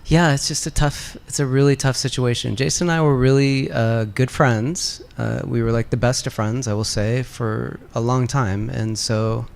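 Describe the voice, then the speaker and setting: A man speaking as the guest actor on a fan convention panel, relaxed and candid, with frequent fillers. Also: medium pitch, moderate pace, creaky, hardly any pauses. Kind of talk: casual panel answers.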